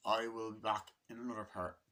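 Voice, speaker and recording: Bright-voiced man rambling through a movie review. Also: on the low side, little pitch movement, brisk. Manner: rambling, profane, loose and chatty. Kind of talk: casual spoken movie review.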